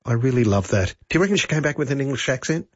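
A man's voice: mid-range voice, expressive, very fast, husky, no room sound. A man co-hosting talkback radio, playful and jokey. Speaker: radio co-host. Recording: dull studio mic, dry.

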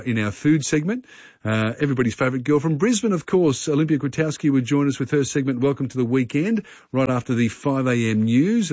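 A relaxed Australian man hosts early-morning talk radio, chatting with frequent fillers. He speaks into a studio mic. The sound is dry and slightly dull. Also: mid-range voice, no room sound. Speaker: radio show host.

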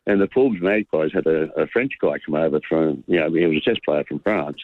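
A man's voice: rumbling low, brisk, dry recording. A man with an Australian accent calling in and telling a rambling story. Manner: rambling anecdote teller. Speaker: caller. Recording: dull phone-line audio.

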